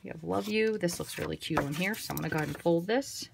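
A woman's voice: fairly low pitch, fast, vocal fry, heavy background noise. A woman giving a casual, chatty card-making tutorial, thinking aloud as she works. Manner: chatty, relaxed, thinks aloud while working.

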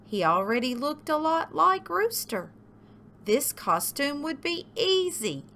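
A woman reading a picture book aloud for a library story time, in an expressive sing-song storytelling manner with big leaps for the animals. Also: high-pitched, slow pace.

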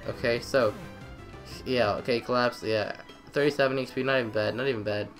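Excitable young man narrating gameplay. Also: medium pitch, a little fast, faint music behind. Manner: excitable, trash-talking, repeats phrases. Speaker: gamer. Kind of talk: let's play commentary.

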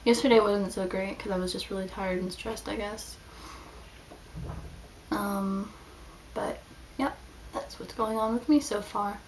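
A woman's voice: medium pitch, fairly even intonation, measured pace, long pauses. A young woman chatting casually in a video diary, rambling with lots of "like" as she tells her week. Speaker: student vlogger. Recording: slightly distant mic, faint background hiss.

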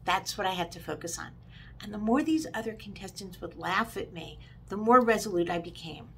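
A middle-aged woman tells a personal story to camera as a motivational speaker. Her delivery is lively, and she stretches some words out slowly and rushes through others. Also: mid-range voice. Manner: lively storytelling, pace swinging between drawn-out and quick. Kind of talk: personal anecdote told to camera.

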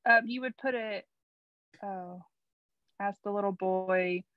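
A woman's voice: medium pitch, slow, phone-quality sound. A woman student answering quiz questions hesitantly, often unsure.

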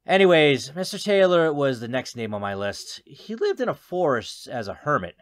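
A man's voice: fairly high pitch, very animated, normal speed, few pauses. A man giving jokey, rambling let's play commentary with self-mocking asides. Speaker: gaming YouTuber.

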